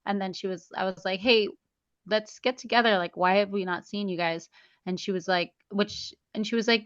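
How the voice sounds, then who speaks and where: Woman guest, bright and crisp voice, chatty storyteller acting out quotes, dry dull lo-fi audio. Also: mid-range voice, fairly even intonation, a little fast, no echo. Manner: chatty, acts out quoted dialogue, many "like"s. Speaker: guest, memoir author. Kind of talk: casual interview storytelling.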